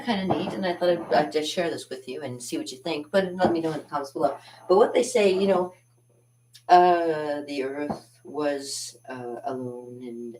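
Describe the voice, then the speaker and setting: This is a woman with a low voice, hosting a casual live stream from her art studio. She rambles and giggles between phrases. When something excites her, her pitch leaps up. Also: a little hiss or hum. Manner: animated, big jumps up in pitch when excited. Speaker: party artist and live-stream host.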